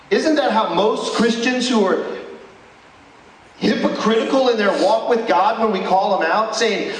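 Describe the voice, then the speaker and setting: A man delivers a chapel sermon, pressing his points with rhetorical questions. His voice sits a little high and carries from a distance. Long reverb from the hall rings around every phrase. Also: unhurried. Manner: emphatic preaching with rhetorical questions. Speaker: chapel speaker. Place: school chapel. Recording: echoey hall, distant mic.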